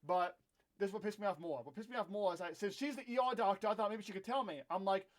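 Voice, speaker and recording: High-voiced young man ranting on camera. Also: fast. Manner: candid, ranting, self-deprecating. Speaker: vlogger. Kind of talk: casual storytime vlog. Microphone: own camera.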